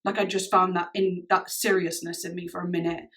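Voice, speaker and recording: A woman's voice: on the low side, flat delivery, a little fast, a bit bright. A woman vlogger telling a personal story to camera in a chatty way, with many "like"s and frequent laughs. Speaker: music vlogger.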